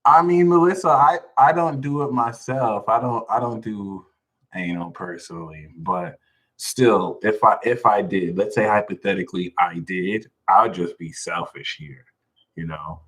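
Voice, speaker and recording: A man's voice: on the low side, unhurried, a bit bright, low-quality recording. A man hosting a casual livestream, talking animatedly, laughing a lot and reading viewers' names from the chat. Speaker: livestream host.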